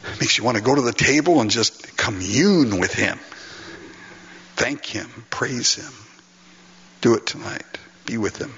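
A man's voice: mid-range voice, expressive, measured pace, pauses often, pushed and bright, husky, big-room sound, highs cut off. A male pastor preaching an earnest, emphatic sermon, often breaking into laughter.

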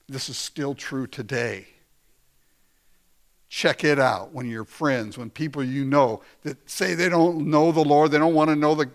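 A man preaching a conversational sermon, often laughing and acting out quoted lines. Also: fairly high pitch. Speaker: pastor.

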